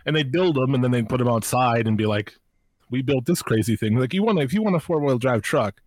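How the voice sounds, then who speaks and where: A man with a medium-pitched voice co-hosts a watch-along show, chatting casually at a quick, animated pace. He explains things loosely, swears, and laughs, and there's no room sound.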